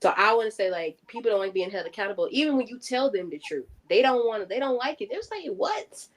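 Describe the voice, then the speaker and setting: A young woman hosting a casual faith podcast, lively and quick to laugh. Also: medium pitch. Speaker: podcast host.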